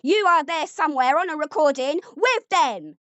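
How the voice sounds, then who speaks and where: A woman's voice: high-pitched, lively intonation, normal speed, a bit bright, no room sound, muffled recording. A woman arguing angrily at home, accusatory and sarcastic. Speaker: vlogger. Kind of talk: heated domestic argument.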